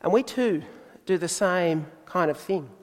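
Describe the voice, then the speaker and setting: A man preaching a sermon in a measured, deliberate way, pausing for emphasis. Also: sits high, animated, big-room sound.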